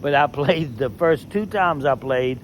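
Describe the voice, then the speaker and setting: A former reality show contestant telling a story in a heated, emphatic way, swearing freely. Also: male voice, mid-range voice, unhurried, a little hiss or hum. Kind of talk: casual storytelling rant.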